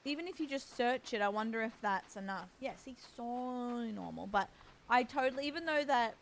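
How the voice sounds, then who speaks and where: A woman's voice: on the high side, expressive, normal speed, slight background noise. A woman livestreaming a game, chatting casually and reassuringly with her viewers. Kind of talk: casual gaming stream chat.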